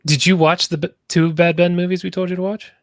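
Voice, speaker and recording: A man's voice: sits high, level tone, quick pace, no room sound, studio quality. A man co-hosting a horror podcast in casual chat, easygoing and handing out movie tips. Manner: easygoing, gives recommendations. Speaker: podcast co-host.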